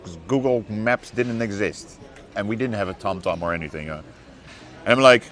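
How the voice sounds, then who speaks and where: A man streaming outdoors on a city walk, chatting casually with a guest and telling stories in an animated way, full of repeated words and laughter. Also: fairly low pitch, moderate pace. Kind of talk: casual chat.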